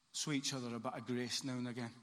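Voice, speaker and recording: A man's voice: mid-range voice, fairly bright tone, a little hiss or hum. A man preaching a sermon as pastor, earnest, with a repeating emphatic cadence. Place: church hall. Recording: church hall reverb, faint ambience.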